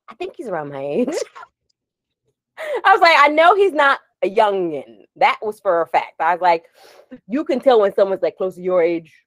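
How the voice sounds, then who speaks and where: Woman in her forties, casual podcast co-host; a lively, swooping voice, laughing storyteller prone to tangents, recorded close and dry. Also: mid-range voice, slow, long pauses, dry recording. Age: 40s. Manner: animated, laughing storyteller who drifts off on tangents. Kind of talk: casual chat.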